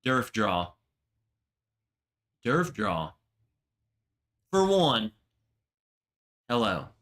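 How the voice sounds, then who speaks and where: Slow-talking bright-voiced young man. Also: medium pitch. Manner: emotional, swearing, rambling storytelling. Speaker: livestream host. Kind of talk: casual livestream chat.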